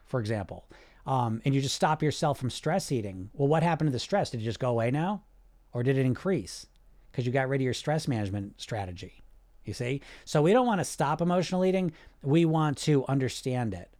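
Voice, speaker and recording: A man hosting a podcast as a weight loss coach, talking directly and casually, often throwing in rhetorical questions and check-ins. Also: on the high side. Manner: direct and animated, asks rhetorical questions and checks in with "right?" and "you see?"; casual, sometimes swears.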